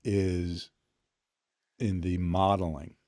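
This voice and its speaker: Low-voiced middle-aged man telling stories. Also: slow pace. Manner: relaxed, chuckling, trailing restarts. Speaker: podcast guest, finance executive. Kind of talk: casual storytelling chat.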